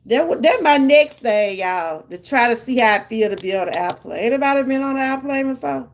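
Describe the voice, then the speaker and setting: A woman's voice: high voice, lively intonation, brisk, few pauses, a little hiss or hum. Chatty older Southern woman chatting with viewers. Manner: chatty, talks straight to viewers, laughs often. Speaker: vlogger chatting with live viewers. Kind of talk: casual live-stream chat.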